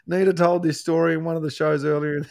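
Aussie bloke hosting, tells yarns, laughs a lot, dry close sound. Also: male voice, on the high side, level tone, quick pace, vocal fry, a little mellow, no room sound. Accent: Australian. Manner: storytelling, laughs often. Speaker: podcast host, former footballer. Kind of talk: casual interview chat.

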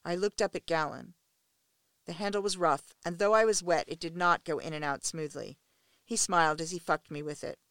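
A woman narrating a first-person erotic story in an intimate, steady reading voice. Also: fairly low pitch, normal speed, clear, resonant tone, no room sound. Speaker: audiobook narrator.

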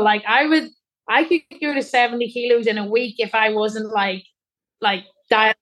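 Young woman, casual chat, laughs a lot, rambling fillers, fairly high voice. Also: steady tone, normal speed. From Ireland. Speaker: guest athlete.

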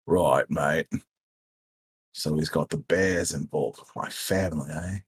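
A man voicing a gruff, suspicious grown man in a tabletop game, with a low, brooding manner full of questions. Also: measured pace, full character voice.

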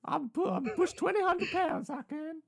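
A man's voice: extremely high pitch, moderate pace, creaky, pitched above the performer's own voice. A man voicing a swaggering tough-guy gangster who keeps tacking on "see?". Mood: boastful. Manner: gangster slang, tag "see?".

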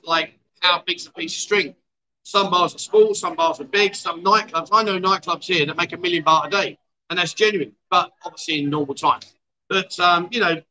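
Guy hosting a livestream chat at a bar, high bright voice, teasing and chatty. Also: poor audio. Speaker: livestream chat show host. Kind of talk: casual chat. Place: outdoor bar.

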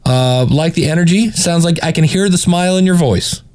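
This man's voice sits a little high as he talks through another show's audio. He is fussy about details, halting and repeating himself, in a relaxed, casual critique. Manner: hesitant, picky, talks in restarts. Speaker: podcast reviewer. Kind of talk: casual critique over playback.

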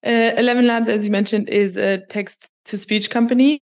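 A woman, a podcast guest, explaining things in a measured way with many small restarts. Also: mid-range voice, steady tone. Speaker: guest, company chief of staff. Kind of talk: podcast interview.

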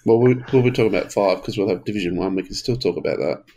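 A man co-hosting a casual gaming podcast, teasing the others with quick interjections. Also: on the low side, mellow, slight background noise. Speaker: podcast co-host.

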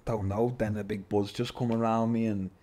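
Lively man telling stories. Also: lowish voice, moderate pace. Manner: animated, swears, says "lad" constantly. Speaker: podcast guest, MMA fighter. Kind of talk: casual storytelling interview.

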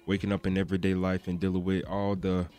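A man hosting a casual interview, asking questions in a relaxed, easygoing way. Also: sits low, quick pace. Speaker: interview host.

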